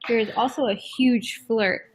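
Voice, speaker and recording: A young woman with a slightly high, husky voice chats on a livestream with a friend. She giggles often and reads name definitions aloud in an animated way. It is casual, easygoing talk. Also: moderate pace.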